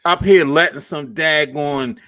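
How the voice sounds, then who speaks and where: A man's voice: on the high side, measured pace, fairly bright tone. A man, co-hosting a casual sports show and ranting with mocking impressions.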